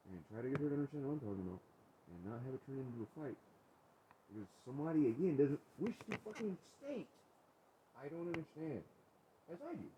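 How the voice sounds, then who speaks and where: A man arguing hard with his wife, swearing constantly and pressing his point. His voice sits at an ordinary middle pitch and climbs toward yelling as he pushes. A faint hiss of background noise sits under the recording. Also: highs cut off. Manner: profane, confrontational, voice rising to yelling. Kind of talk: heated domestic argument on a vlog.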